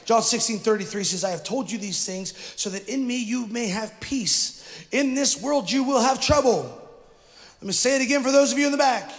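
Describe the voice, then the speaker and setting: A middle-aged male pastor delivering an energetic sermon and calling on the congregation to repeat words after him. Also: high-pitched, a little fast. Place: church sanctuary. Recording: long hall reverb from a church.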